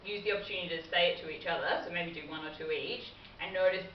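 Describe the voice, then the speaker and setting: A woman's voice: on the low side, fairly even intonation, fast talker, distant mic, noisy background. Woman trainer recorded from across a room. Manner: explanatory, friendly instructions. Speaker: workplace communication trainer. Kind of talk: classroom training talk. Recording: dull, roomy recording from afar.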